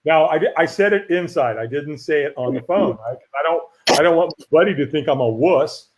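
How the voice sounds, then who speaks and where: A middle-aged man, a firewalk instructor, telling a lively story in a casual interview and acting out the voices of people he quotes. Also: on the high side, brisk. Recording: dull lo-fi audio.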